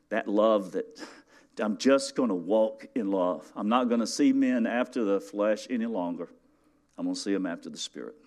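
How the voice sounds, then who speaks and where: A man's voice: lowish voice, a little mellow. A man preaching a sermon in a church, talking conversationally and rising to emphatic call-outs to his congregation.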